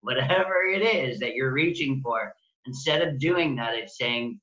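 Bright-voiced man in an echoey room. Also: medium pitch, animated, unhurried, highs cut off. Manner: gentle, compassionate, acts out inner dialogue. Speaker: guest, healing practitioner. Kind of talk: interview, conversational.

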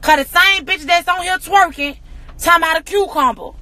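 Woman, very high voice, dry close sound, angry profane rant. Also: a little fast, pushed and bright, no room sound. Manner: profane, confrontational, repetitive rhetorical questions. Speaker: social media personality.

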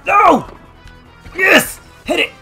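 A young man doing let's-play commentary while playing, loud, swearing and trash-talking the game. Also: very high-pitched, expressive, extremely slow, vocal fry, soft background music. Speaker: gaming YouTuber.

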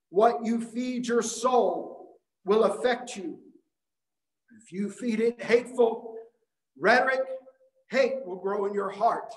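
A man preaches with emphatic, repeating phrases, now and then tripping over a word. His voice sits high for a man and rings out in a roomy, echoing space. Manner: emphatic preaching with repetition and some stumbles. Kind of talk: sermon. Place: worship service.

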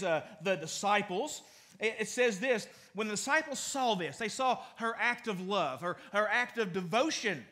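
A man's voice: sits high, pushed and bright. A man pastor preaching a conversational sermon in a church, with frequent restarts and fillers. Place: church sanctuary.

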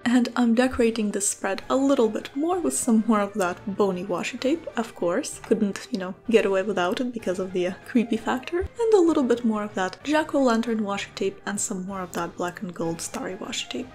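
A woman casually narrating a voice-over for her journaling vlog, easygoing and soft-spoken with frequent fillers. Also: mid-range voice, expressive, fairly quick, hardly any pauses, soft background music. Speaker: bullet journal vlogger.

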